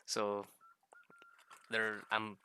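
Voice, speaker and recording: A man's voice: on the low side, monotone, very slow, bright, forceful tone, slight background noise. A young man rambling through a casual gameplay chat, swearing freely and laughing at his own stories. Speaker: gaming streamer.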